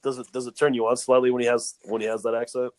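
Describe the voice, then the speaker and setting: A man's voice: medium pitch, little pitch movement, fast, darkish tone. A man co-hosting a podcast in casual chat, teasing and joking with his partner. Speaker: podcast co-host.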